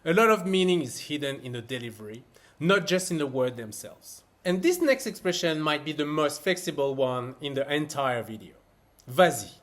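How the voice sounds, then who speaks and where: A man narrating a scripted French lesson, explaining everyday phrases with expressive emphasis. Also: a little high, normal speed. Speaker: French teacher.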